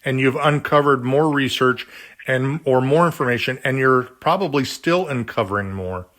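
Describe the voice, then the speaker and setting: A man's voice: medium pitch, normal speed, a bit bright. A man hosting an interview, chatty and rambling as he introduces his guest. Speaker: interview host. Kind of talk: casual interview chat.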